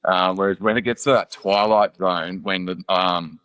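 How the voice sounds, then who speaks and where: A low-voiced man chats casually about sport and explains the game patiently. The recording is close and dry. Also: steady tone, normal speed, a bit bright, clear, resonant tone, no room sound. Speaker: co-host.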